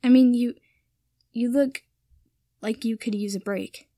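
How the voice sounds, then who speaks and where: A woman voicing a gentle, caring young wizard man who speaks hesitantly, in a storybook reading. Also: on the high side, steady tone, a little slow, no room sound, studio quality, close to an everyday voice.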